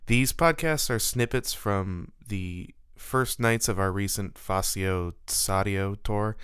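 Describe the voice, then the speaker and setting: A man's voice: mid-range voice, fairly bright tone, clean tone, dry recording, studio quality. A male podcast host giving a casual spoken intro, easygoing with small laughs. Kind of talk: scripted voice-over intro.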